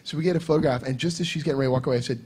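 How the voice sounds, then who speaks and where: A man's voice: mid-range voice, very fast, darkish tone, breathy edge. A man sharing wry, joking stories on a convention panel, sometimes with casual swearing. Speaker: comic writer and panel co-host. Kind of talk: casual storytelling.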